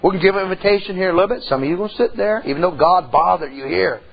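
A middle-aged man, preaching a folksy sermon that swings between loud outbursts and hushed tones. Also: high-pitched, rapid-fire, vocal fry, husky, lo-fi sound. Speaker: pastor.

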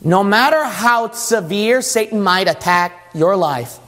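A man's voice: high-pitched, expressive, a little slow, a bit bright. A man preaching a sermon emphatically, often asking his congregation questions. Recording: long church reverb.

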